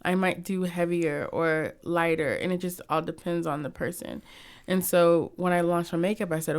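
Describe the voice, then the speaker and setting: Young woman, smooth clear voice, slightly low, chatty interview guest, animated storyteller. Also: normal speed. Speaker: guest, cosmetics company founder. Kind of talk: casual interview chat.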